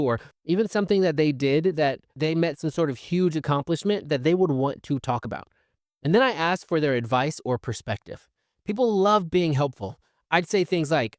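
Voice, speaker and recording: On his own podcast, this man speaks with fairly high pitch in a clean studio recording with no room sound. His casual talk is full of fillers and restarts, and he animatedly performs the exchanges he's quoting.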